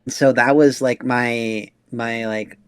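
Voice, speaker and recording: A man's voice: medium pitch, steady tone, slow pace, clear, resonant tone. A young man hosting a casual podcast, asking loose questions with lots of fillers. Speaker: podcast host.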